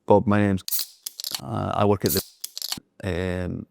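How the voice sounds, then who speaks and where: In a deep, gravelly, flat voice and at a slow pace, a middle-aged businessman shares anecdotes as an interview guest, performing the dialogue in his retellings over a noisy background during a casual conversation.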